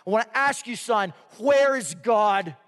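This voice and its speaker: A man's voice: high voice, lively intonation, measured pace, fairly bright tone, clear, resonant tone, big-room sound. A man voicing a stern, impatient pastor questioning a boy. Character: stern robed male pastor, firm and impatient.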